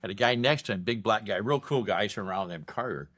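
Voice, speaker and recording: A man's voice: lowish voice, quick pace. A man co-hosting a podcast, telling prison stories in casual chat and acting out the people in them. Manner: animated storyteller acting out voices. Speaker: podcast co-host.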